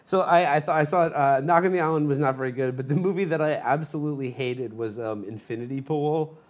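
Fast-talking, rambling man. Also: on the high side. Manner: rambling, filler-heavy, laughs often. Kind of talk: casual chat.

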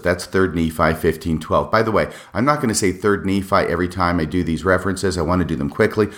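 A man hosting a solo podcast, explaining scripture passages in a measured way with wry asides. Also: low voice, a bit bright. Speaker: podcast host.

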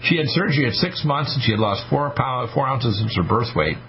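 A man's voice: mid-range voice, lively intonation, fairly quick. A man in his sixties hosting a radio talk show, telling stories emphatically and acting out the voices of people he quotes. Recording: slightly muffled radio broadcast with faint noise.

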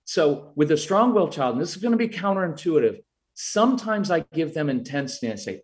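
A man's voice: a little high, big pitch swings, fairly quick. A middle-aged man answering interview questions about parenting, earnest and explanatory, sometimes acting out what he says to children. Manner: earnest, acts out quoted lines to parents and kids. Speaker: parenting guest expert.

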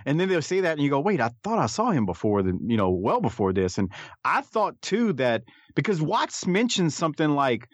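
A man's voice: on the high side, wildly swooping pitch, brisk, no room sound. A man co-hosting a casual podcast, talking with hesitant restarts and easy laughter. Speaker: podcast co-host. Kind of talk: casual podcast review chat. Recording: dull, dry lo-fi mic.

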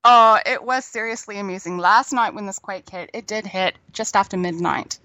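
A woman's voice: medium pitch, moderate pace, sharp tone, no room sound. A middle-aged woman, chatting as a guest, telling stories and laughing easily. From New Zealand. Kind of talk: casual chat.

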